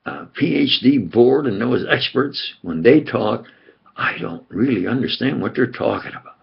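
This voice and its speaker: An older man from New York with a New York accent, telling rambling stories in a gravelly, husky voice that swings between loud and soft. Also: medium pitch, dull audio. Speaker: self-styled preacher and physicist. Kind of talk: rambling monologue.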